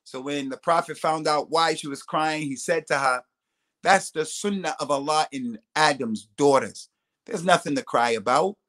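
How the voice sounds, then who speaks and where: With a slightly high, somewhat bright voice, this religious scholar fields questions during a live stream. He gives lengthy explanations and recites Arabic quotations at speed.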